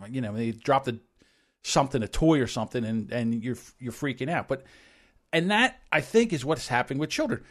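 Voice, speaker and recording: A middle-aged man co-hosting a podcast, telling stories in casual chat and acting out the voices of people he quotes. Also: medium pitch. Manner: animated storytelling, acts out quoted voices. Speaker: podcast co-host. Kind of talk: casual opinion talk.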